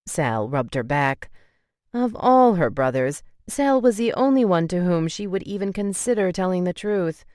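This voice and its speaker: A woman's voice: on the low side, expressive, normal speed, a little mellow, dry recording, studio quality. A woman narrating a romance audiobook in an emotive way, voicing the tearful heroine's lines with feeling.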